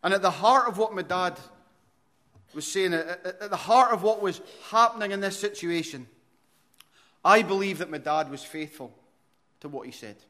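A man in his forties with an Aberdonian Scottish accent preaches to his congregation. His voice sits a little high for a man. He talks earnestly, often restarting phrases, and gets louder as he tells a story. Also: expressive, normal speed. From Aberdeen, Scotland. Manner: earnest preacher, frequent restarts, rises in volume when telling stories. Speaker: pastor. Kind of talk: sermon.

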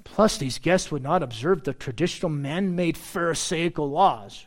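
A male pastor preaching a sermon, with animated delivery and joking asides to the congregation. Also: a little high, normal speed, hardly any pauses.

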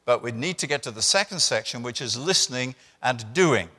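An older man preaches from the pulpit in a mid-pitched voice, talking to the congregation conversationally and with dry humor. His words ring out through a church with a long, lingering reverb. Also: lively intonation, a little fast, bright, forceful tone, husky. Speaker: visiting preacher. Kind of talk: sermon. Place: church sanctuary.

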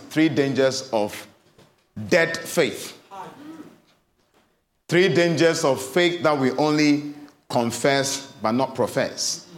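A man preaching a sermon as pastor, emphatic and repeating his questions in a lively cadence, recorded in a church hall. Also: a little high. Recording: roomy hall echo.

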